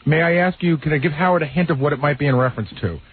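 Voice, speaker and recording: A man's voice: a little high, slightly rough. A man on a radio show telling a story in casual banter, talking at speed. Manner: rapid storytelling. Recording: narrow phone-like radio broadcast.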